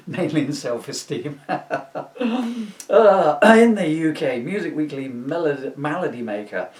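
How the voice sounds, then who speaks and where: Author reads his parody aloud, lively pitch, deadpan asides, chuckles; roomy, off-mic sound. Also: takes it slowly, long pauses, far from the mic. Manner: deadpan jokes, chuckles at his own lines. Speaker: author reading his own book. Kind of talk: comic reading with asides. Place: room, filmed on camera.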